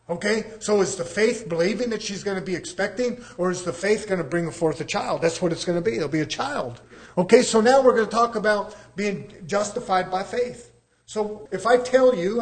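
In this sermon, a middle-aged man with a high-pitched voice questions his congregation rhetorically, moving back and forth between forceful emphasis and quieter sections.

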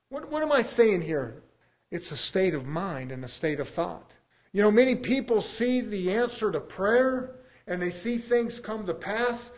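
High-voiced man preaching a folksy sermon. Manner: folksy, conversational preaching with rhetorical questions.

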